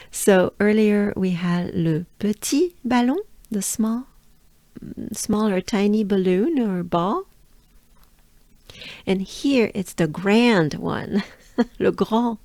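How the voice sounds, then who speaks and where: A woman from France with a French accent, teaching pronunciation and drilling the sounds slowly and over and over. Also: medium pitch, a little mellow, no room sound. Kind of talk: slow pronunciation lesson.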